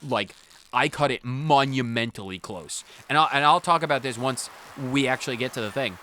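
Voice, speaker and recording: A man hosting a let's play, giving rambling, animated commentary and often repeating himself. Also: mid-range voice, slight background noise. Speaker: gaming channel host.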